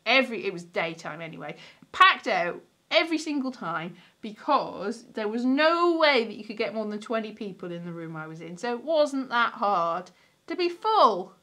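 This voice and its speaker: A woman's voice: medium pitch, sing-song, normal speed, sharp tone. A woman from Wales, a comedian, chatting casually on a livestream from her stairs, rambling, greeting viewers and restarting sentences. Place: sitting on stairs at home.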